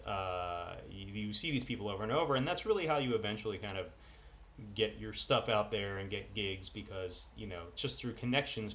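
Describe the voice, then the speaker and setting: A man's voice: fairly low pitch, fairly bright tone. Rambling, self-mocking male vlogger. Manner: rambling, self-deprecating asides. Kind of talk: casual chat. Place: at home with dogs.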